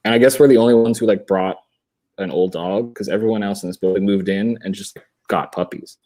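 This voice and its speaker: A man's voice: fairly low pitch, fairly quick, mellow. A young man on a video call, chatting casually and rambling, laughing often and swearing. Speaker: podcast guest.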